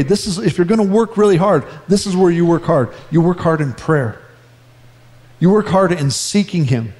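A man preaching a sermon in a conversational, animated way, often acting out quoted lines. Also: high-pitched, in a large hall. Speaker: pastor.

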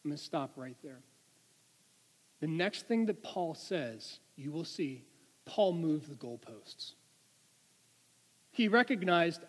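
A man's voice: a little high, expressive, slow, long pauses, big-room sound. A man preaching a sermon in an earnest, conversational way, often restarting his sentences.

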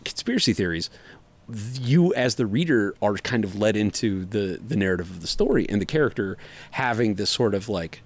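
A man's voice: on the low side, animated, brisk. A young man on a casual podcast, talking comics in a rambling, jokey way with lots of fillers and restarts. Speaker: podcast co-host reviewing comics.

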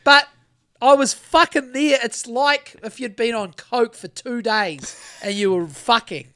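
A man's voice: very high-pitched, measured pace, bright, forceful tone, smooth. A middle-aged man, hosting a podcast and telling rambling, sweary stories in a laid-back way. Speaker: podcast host. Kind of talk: casual chat.

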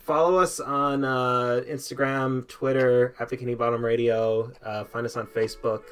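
A man's voice: mid-range voice, flat delivery, normal speed, smooth. A young man hosting a casual podcast, jokey and loose, wrapping up with thanks and plugs. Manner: jokey, puts on silly voices. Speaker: podcast host.

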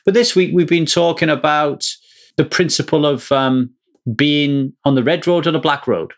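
Energetic middle-aged male podcast host. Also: a little high, moderate pace. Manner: energetic, emphatic, with frequent fillers and restarts. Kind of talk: casual solo podcast monologue.

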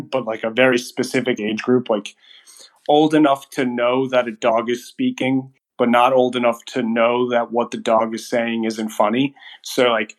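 A man's voice: medium pitch, rough recording. Laughing young man telling a movie story. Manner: animated storyteller, acts out quotes, laughs often. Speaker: podcast co-host reviewing movies. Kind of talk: casual chat.

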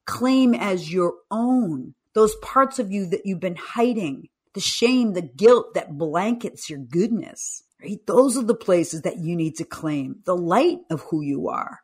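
A woman's voice: lowish voice, a little slow, hardly any pauses, slightly rough. A woman in her fifties, a guest coach and author, telling stories with animation in a podcast interview and acting out the voices she quotes. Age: 50s. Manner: animated storyteller who acts out quoted speech.

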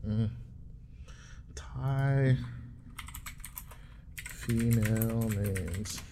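Low, mellow-voiced man joking around. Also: drawn-out words, a little hiss or hum. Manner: rambling, joking, laughs at own bits. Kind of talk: casual profane monologue.

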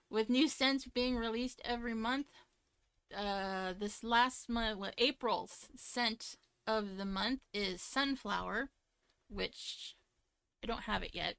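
Chatty gravelly woman podcast host. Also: on the high side, a bit bright, no room sound. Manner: chatty, laughs often, reads ad copy haltingly. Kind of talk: casual chat with a read sponsor ad.

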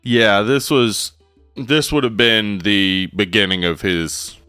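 A man's voice: fairly low pitch, takes it slowly, clear, resonant tone, no echo, faint music behind. A man co-hosting a podcast, chatting casually with many fillers and the odd swear. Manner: relaxed, profane, rambling. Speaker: podcast co-host. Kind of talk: casual chat.

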